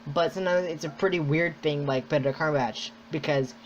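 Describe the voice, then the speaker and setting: A man hosting a podcast in casual chat, rambling and excitable, full of "like". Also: on the high side, fairly quick, a little hiss or hum. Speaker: podcast host. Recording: dull lo-fi sound.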